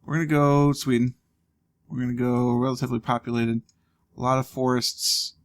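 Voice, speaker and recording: A man with a gravelly, creaky voice talks through a video game in a loose, casual way. He thinks out loud and throws in dry little jokes as he goes. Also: mid-range voice, level tone, moderate pace. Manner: thinking aloud, wry asides. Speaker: let's play host. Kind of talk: casual gameplay commentary.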